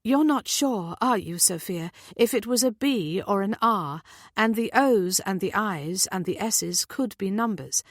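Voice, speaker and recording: A woman reading the part of a gentle, caring mother, speaking patiently and kindly. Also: medium pitch, lively intonation, measured pace, hardly any pauses, no room sound, clean studio sound.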